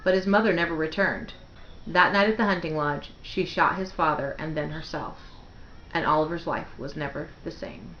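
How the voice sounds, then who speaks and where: A woman with a fairly low voice reads the opening pages of a novel aloud, measured and expressive. The recording is roomy and a little dull, like a home setup. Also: a little hiss or hum. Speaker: book reader.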